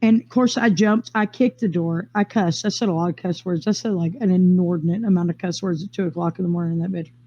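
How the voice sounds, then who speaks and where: A woman recounts her own experience in a loose, rambling way, full of fillers and restarts. Her voice is warm and mellow. The recording sounds dull and lo-fi. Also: lowish voice, steady tone. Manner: rambling, quick bursts with frequent fillers and restarts. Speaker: interviewee sharing a personal experience. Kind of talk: casual first-person storytelling.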